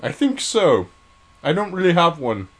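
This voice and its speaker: A man's voice: a little high, wildly swooping pitch, moderate pace, voice pushed up. A man voicing a crude hybrid mascot creature with hooves, in a mock British accent and a cheerful, creepy manner. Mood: cheery.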